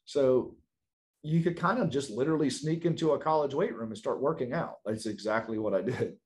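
A man telling a personal story in a relaxed, animated way, laughing often and acting out what people said. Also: medium pitch, brisk, a little hiss or hum. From South Carolina, US. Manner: animated, laughs often, acts out quoted lines. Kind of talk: casual storytelling.

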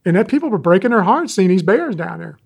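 A man in his sixties, an animal rescuer telling stories in an interview, animated and folksy. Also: sits high, quick pace, gravelly, breathy edge. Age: 60s. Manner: animated, folksy storyteller, acts out quoted callers. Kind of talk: interview talk, storytelling.

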